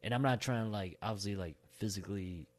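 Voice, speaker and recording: A man's voice: on the low side, fast talker. A young man and father in casual podcast chat, laid-back and slangy, swearing freely.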